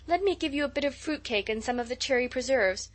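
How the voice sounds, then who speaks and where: A woman's voice: high voice, expressive, quick pace, voice pushed up. A woman reading as a gushing, dramatic young girl. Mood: pleading. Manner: gushing, breathless storytelling. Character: chatty imaginative young girl, dramatic and excitable. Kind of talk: audiobook character reading.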